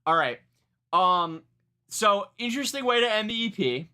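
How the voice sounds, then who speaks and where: Man, live stream reaction chat, rambling, bright tone, slightly high voice. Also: animated, moderate pace, clean tone. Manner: rambling, many fillers and restarts, laughs at himself.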